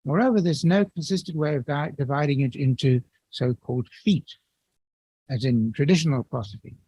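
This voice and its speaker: A man giving an academic lecture in a measured, explanatory way, with occasional restarts. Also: on the high side, dark tone, breathy edge, dry recording, poor audio.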